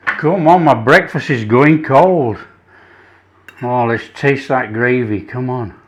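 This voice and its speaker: An Englishman hosting a cooking channel tastes his food, chuckling enthusiastically and making savoring sounds. His voice is medium-pitched and he takes things slowly in this casual cooking vlog.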